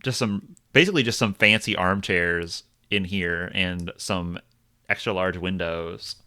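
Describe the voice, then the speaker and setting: Slow, halting game master man. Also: deep voice, bright, forceful tone, clear, resonant tone. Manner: halting, stop-start scene description. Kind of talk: narrating a tabletop game.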